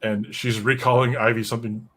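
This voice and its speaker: A man's voice: mid-range voice, flat delivery, brisk, fairly bright tone. A man hosting a casual comic book discussion who rambles and drifts into side notes. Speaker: podcast host reviewing comics.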